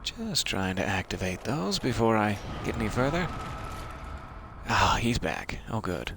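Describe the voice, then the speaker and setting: A man's voice: fairly low pitch, big pitch swings, a little slow, gravelly, background noise. A man giving wry, self-deprecating commentary while playing a video game. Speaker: game streamer. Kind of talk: let's-play commentary.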